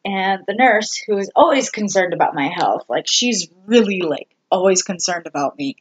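A vlogger giving a candid personal update, talking slowly and haltingly with many ums and restarts. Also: medium pitch, expressive, husky. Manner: candid and self-deprecating. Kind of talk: casual personal health update.

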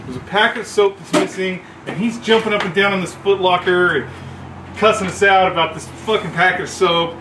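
A man telling a profane story about boot camp among coworkers, acting out shouts as he goes. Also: high voice, fairly quick, echoey room, noisy background. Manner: animated, swearing, acts out shouts. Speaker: former Marine telling a story.

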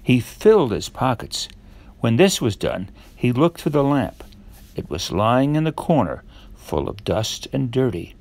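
An older man reading a fairy tale aloud to children in a gentle, measured way. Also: mid-range voice, sing-song. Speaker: storyteller.

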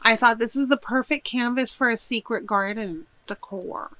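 A woman's voice: on the high side, normal speed, sharp tone, no room sound, rough recording. A woman chatting casually while unboxing a shopping haul at home, gushing and thinking aloud as she unpacks. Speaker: haul vlogger.

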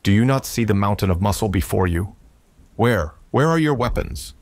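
A man voicing a boastful, muscle-bound male wizard leader who makes booming proclamations. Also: animated, normal speed, no room sound. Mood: indignant.

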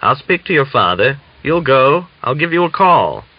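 A man's voice: on the high side, big pitch swings, normal speed, husky, no room sound, voice pushed up, exaggerated voice. A man voicing a fussy, easily alarmed old grandfather who grumbles and scolds, in a dull lo-fi audiobook recording. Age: older.

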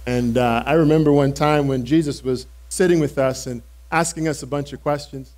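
A man's voice: mid-range voice, steady tone, moderate pace, darkish tone, close to an everyday voice. A male pastor giving a first-person sermon as Simon Peter, the eager, impulsive apostle, speaking earnestly and emphatically to the congregation. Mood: excited. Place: church service held in a cinema auditorium.

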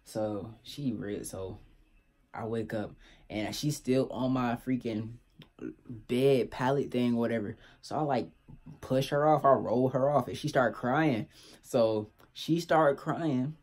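A man's voice: mid-range voice, slow pace, a little mellow. A young man, telling a story in a laid-back, slangy way to his vlog viewers. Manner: laid-back slangy storytelling, keeps asking "you feel me". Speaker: vlogger.

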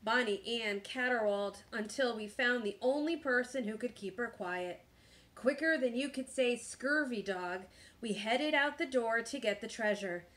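Slow, expressive storytime teacher. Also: female voice, a little high. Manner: slow, expressive read-aloud. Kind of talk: reading a picture book aloud.

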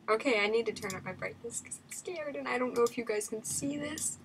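A woman's voice: on the high side, animated, quick pace, background noise. A young woman giving nervous, frightened commentary while playing a horror game, often dropping to a whisper. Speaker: gamer.

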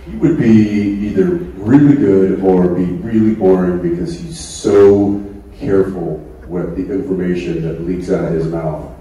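A man's voice: sits low, a little slow, mellow, dull audio. A man, an actor guest on a convention panel, telling a rambling, laughing story on stage. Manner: laughing, rambling anecdote with acted-out quotes. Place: large convention hall. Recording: echoey hall from far off, noisy.

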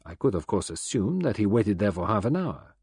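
Give me a man playing a grave, self-important detective in a husky voice, with close dry audiobook sound. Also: lowish voice, very animated, a little fast, darkish tone, dry recording, full character voice. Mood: lecturing.

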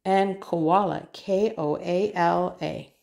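A mother reads through an alphabet workbook with her child, spelling each word out letter by letter. Her voice sits a little low and carries a gravelly edge, and she takes her time, repeating back whatever the child prompts. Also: takes it slowly, a little mellow.

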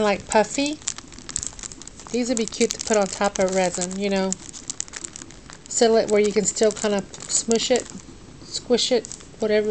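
A woman's voice: a little high, slight background noise, poor audio. Drowsy woman unboxing crafts at home. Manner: drowsy, sluggish and tongue-tied. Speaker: vlogger unboxing a craft package. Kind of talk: casual unboxing chat. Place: dim room at home.

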